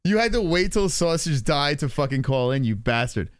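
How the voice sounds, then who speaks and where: Male streamer, forties, rambling and profane, very animated pitch, dry close sound. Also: moderate pace, clear, resonant tone, no room sound. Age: 40s. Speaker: stream host. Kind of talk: casual live-stream chat.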